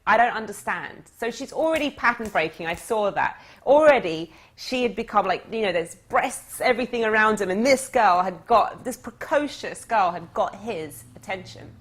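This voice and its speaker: A woman coaching her audience through a lively story, talking in an animated, conversational way. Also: mid-range voice, normal speed, hardly any pauses. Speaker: dating coach. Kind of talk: storytelling lesson.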